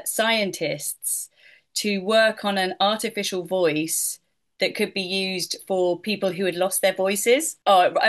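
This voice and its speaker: A middle-aged woman, a voiceover artist, answering interview questions in a chatty way, with many fillers and frequent laughs. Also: on the low side. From United Kingdom.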